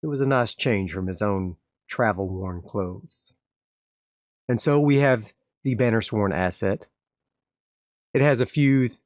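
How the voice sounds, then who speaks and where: A man's voice: on the low side, darkish tone, no room sound, studio quality. A man playing a solo tabletop game, calling out his dice rolls step by step and narrating the story. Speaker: game master and solo player.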